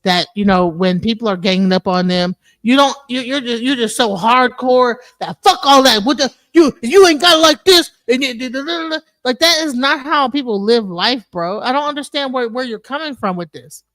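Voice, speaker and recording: A woman's voice: on the high side, moderate pace, hardly any pauses, a bit bright, no room sound. A woman on an open panel, arguing heatedly, repeating herself and swearing, calling the other man bro and sir. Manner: emphatic, repetitive, swears freely, says bro and sir. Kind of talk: heated argument.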